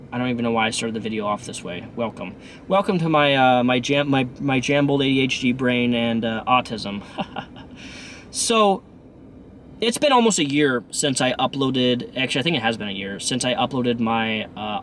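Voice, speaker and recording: A man's voice: mid-range voice, fairly bright tone, a little hiss or hum. A man in his thirties talking casually to camera in a rambling vlog, with many restarts and fillers. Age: 30s. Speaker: YouTuber and bus driver.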